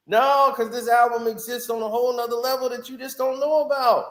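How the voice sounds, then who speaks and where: A man's voice: high voice, normal speed, reverberant. A man giving casual, opinionated commentary as a music reviewer, laughing often and making mocking asides.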